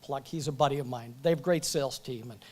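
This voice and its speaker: A man's voice: mid-range voice, fast. A man giving a joking, chatty acceptance speech at a banquet event, talking into a microphone and going off script. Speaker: award recipient.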